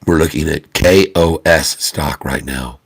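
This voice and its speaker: A man putting on a quiet, murmured golf commentator voice, speaking low and gentle. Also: measured pace, gravelly, slightly rough, no echo, full character voice. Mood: hushed. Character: hushed male golf commentator, soft and gentle.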